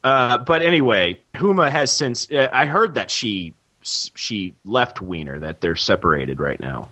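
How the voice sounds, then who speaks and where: A man co-hosting a casual political chat, animated and mocking, often mimicking politicians. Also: mid-range voice, measured pace.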